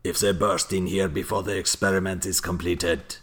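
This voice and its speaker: A man's voice: low-pitched, level tone, moderate pace, fairly bright tone, breathy edge. A man voicing a stern, brutal German soldier with a put-on German accent, reading comic lines aloud. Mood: cold, commanding.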